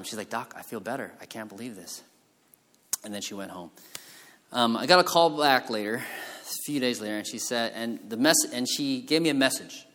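A man's voice: medium pitch, fairly bright tone. A man, a physician, telling a story during a talk, with lots of fillers and restarts. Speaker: physician giving a conference talk. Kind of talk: storytelling presentation. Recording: hall reverb from a lecture room.

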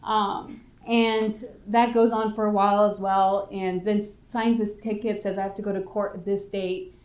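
A young woman gives a personal faith testimony and brings the story to life by playing out the other people's lines herself. Her voice sits at an ordinary middle pitch. The sound rings with a roomy echo. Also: flat delivery, unhurried, darkish tone. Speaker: speaker giving a testimony.

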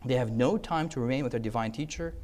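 A man's voice: medium pitch, fast talker, darkish tone. A man giving a sermon, telling stories and checking in with his listeners as he goes. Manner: engaging, checks in with listeners with "okay?" and "yes?"; acts out quoted voices mid-story. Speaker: preacher giving a talk on time management. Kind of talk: sermon with storytelling.

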